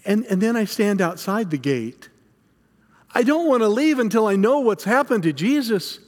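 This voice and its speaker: A man playing the frightened, guilt-stricken apostle Peter in a dramatic first-person monologue, halting and stammering over his words. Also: sits high, big pitch swings, darkish tone, long reverb tail. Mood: ashamed.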